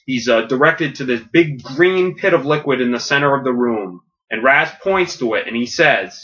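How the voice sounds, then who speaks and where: Animated man pitching a comic story. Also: slight background noise. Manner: animated retelling, laughing at his own jokes, putting on quick character voices. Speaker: podcast host. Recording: dull lo-fi audio.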